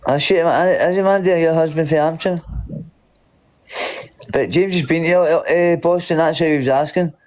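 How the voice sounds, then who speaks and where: A man's voice: a little high, moderate pace, pauses often, a little mellow. A Scottish man in a casual chat, rambling and swearing freely. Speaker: chat participant.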